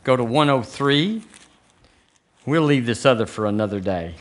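A middle-aged man with a Southern American accent, preaching an animated sermon in a church, with joking asides to the congregation. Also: mid-range voice, normal speed. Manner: animated preaching, rising to near-shouted emphasis on scripture; chatty asides and jokes with the congregation. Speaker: pastor. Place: church sanctuary.

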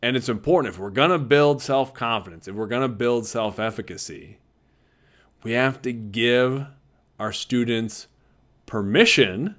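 Earnest male art teacher addressing peers, casual and warm, mid-pitched. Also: unhurried. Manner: earnest, conversational, laughs easily. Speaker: visual arts teacher. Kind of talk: talk to fellow teachers.

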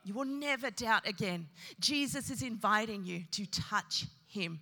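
A woman's voice: medium pitch, expressive, a little slow, few pauses, bright, forceful tone. A woman pastor preaching a sermon with emphasis, repeating her key phrases. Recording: long hall reverb.

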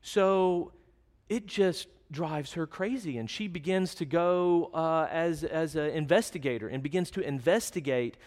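A man's voice: a little high, a little slow, darkish tone. A man preaching a sermon, telling a story earnestly and then reading scripture verses aloud. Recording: long hall reverb.

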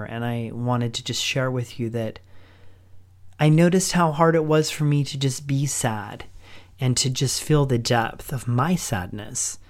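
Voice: mid-range voice, a little mellow. A middle-aged podcast host giving a reflective personal monologue, speaking in an open, emotional way and stringing long thoughts together with "and". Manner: open and emotional, long run-on sentences linked with "and".

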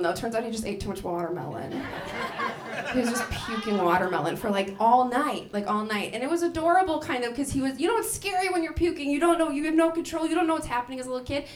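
A woman in her thirties performing a stand-up comedy set, telling stories with big swings up into loud shouts. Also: on the high side, fast, recorded from a distance. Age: 30s. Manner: animated storytelling with big jumps to loud shouted voices. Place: comedy club stage. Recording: live club recording with crowd laughter. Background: audience laughter.

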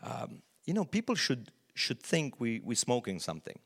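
A middle-aged man, a pastor, preaching a sermon with lively storytelling and acted-out quotes. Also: mid-range voice, moderate pace, gravelly, husky.

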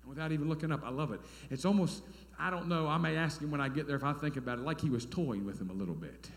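A man, preaching a sermon as a pastor in folksy storytelling style, dropping to quiet asides and rising to loud, emphatic bursts. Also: a little high, fast. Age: 30s. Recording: echoey hall.

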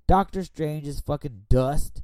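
A man's voice: a little high, measured pace, a little mellow, no room sound. A man hosting a podcast while tipsy, talking in a rambling, profane, casual way. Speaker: podcast host. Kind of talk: casual chat. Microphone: borrowed studio microphone.

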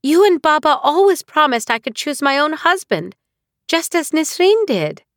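A woman's voice: high voice, sing-song, moderate pace, a bit bright, no echo, studio quality, pitched above the performer's own voice. A woman voicing a defiant young noblewoman who argues with heated, pleading protests in an audiobook. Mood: indignant. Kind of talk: audiobook character reading.

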